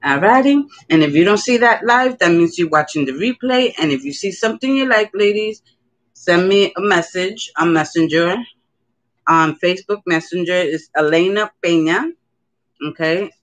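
A woman's voice: lowish voice, moderate pace. Chatty woman hosting a live jewelry sale. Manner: chatty, greets viewers by name, repeats "okay?". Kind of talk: casual live-stream sales chat.

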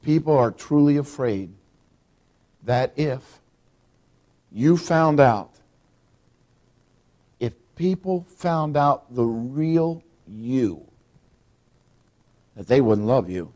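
A man's voice: medium pitch, lively intonation, extremely slow, long pauses, mellow. A middle-aged man preaching a folksy sermon as pastor, acting out what people say. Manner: folksy preaching, acts out quotes.

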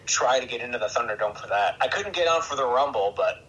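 A man hosting a podcast, chatting casually and excitably about wrestling and laughing often. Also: mid-range voice, fast talker, poor audio. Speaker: podcast host. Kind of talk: casual chat.

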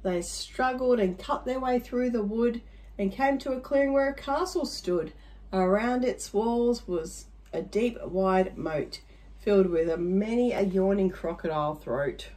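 A woman's voice: mid-range voice, measured pace, mellow. A woman reading a rhyming picture book aloud to children, adding chatty little asides to her listeners.

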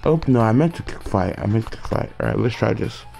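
A man's voice: fairly low pitch, animated, brisk, vocal fry, mellow, faint music behind. A man casually commenting on his own gameplay, rambling with frequent fillers and restarts, sometimes yawning. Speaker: gaming video creator.

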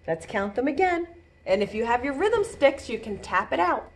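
A woman librarian leading a storytime for babies on a video call, reading aloud in a playful sing-song way with soft asides. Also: a little high, big pitch swings, moderate pace, slight background noise. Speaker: children's librarian.

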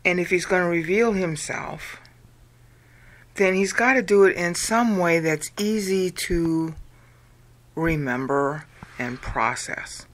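A woman from the United States explaining an idea to viewers, slow and deliberate, drawing words out and counting them aloud. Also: lowish voice, a bit bright. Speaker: video lecturer. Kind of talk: explanatory talk.

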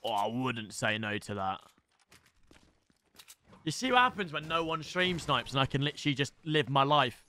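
A young man commentating his own live game stream, excitable and swearing, often shouting at other players. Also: medium pitch, moderate pace, long pauses, a little hiss or hum.

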